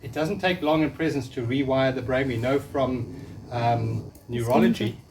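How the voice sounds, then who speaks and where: Heard from far off with a little hiss or hum, a fifties-aged man delivers a spiritual workshop talk live. His medium-pitched voice is expressive and a little mellow at a moderate pace, as he earnestly coaxes listeners into repeating affirmations in call-and-response.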